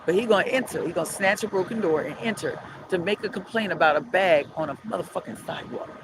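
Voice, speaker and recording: A woman's voice: lowish voice, quick pace. A middle-aged woman with a New Orleans accent, ranting profanely and heatedly on a live stream from a city street at dawn, filmed on a phone. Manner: heated, profane, animated storytelling with sing-song chanting. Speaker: street vlogger. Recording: loud outdoor city traffic noise.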